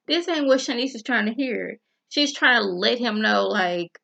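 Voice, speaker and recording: A woman's voice: medium pitch, moderate pace, vocal fry, fairly bright tone. A woman reviewing a TV episode in a casual, chatty vlog, talking straight to her viewers and acting out the characters' lines as she retells the scenes.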